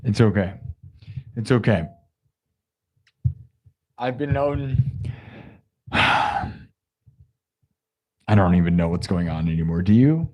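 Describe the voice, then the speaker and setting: A man's voice: lowish voice, animated, a little slow, pauses often, mellow. A man hosting an improvised music and story livestream, talking casually and joking around with his viewers in a rambling way. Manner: playful, rambling, joking asides to chat.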